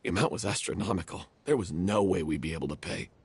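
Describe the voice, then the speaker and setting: A guilt-ridden troupe actor, husky. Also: male voice, low-pitched, quick pace, no room sound, heavily acted. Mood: somber. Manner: remorseful, pleading. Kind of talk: video game voice acting.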